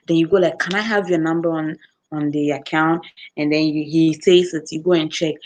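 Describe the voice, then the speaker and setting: A woman with a Ghanaian accent chatting casually as she answers viewer comments, telling animated stories about customers and acting out their voices. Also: deep voice. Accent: Ghanaian English. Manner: animated storytelling, acts out customers with quick voice switches and laughter. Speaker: customer service worker, vlogger.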